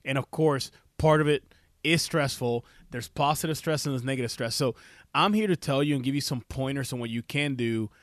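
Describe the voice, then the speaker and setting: A middle-aged man hosts a talk show, speaking in a heartfelt, preachy way as he tells a family story and turns it into advice. His voice sits in an ordinary middle pitch and is recorded dry and close, with no room sound. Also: a little fast, no room sound. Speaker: show host. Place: Ohio.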